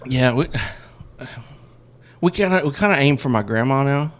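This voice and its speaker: A man's voice: mid-range voice, lively intonation, normal speed, low-quality recording. A man co-hosting a podcast, telling a family story in casual chat, rambling with restarts and fillers. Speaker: podcast co-host.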